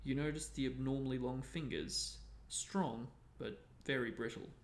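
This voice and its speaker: Gentle male teacher, read by a man, friendly and calm, echoey. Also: mid-range voice, normal speed, natural voice. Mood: kind. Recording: roomy echo.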